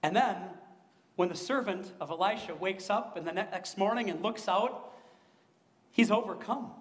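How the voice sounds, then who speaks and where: A man with a high voice preaches a sermon. He speaks earnestly and keeps turning to his listeners with questions. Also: moderate pace, in a large hall. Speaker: pastor.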